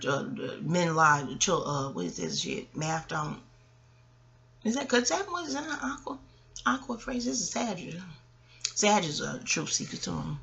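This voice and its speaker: Bright-voiced woman in her forties. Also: lowish voice, breathy edge. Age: 40s. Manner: animated, profane, laughing asides. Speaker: astrologer. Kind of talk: casual rambling monologue.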